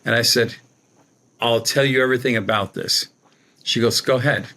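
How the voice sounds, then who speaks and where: Middle aged guy rambling thru a story on a podcast, acts out who said what, normal pitch. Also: steady tone, normal speed, bright, forceful tone. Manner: rambling, colloquial, acts out quoted dialogue. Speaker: guest, psychic medium. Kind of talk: conversational storytelling.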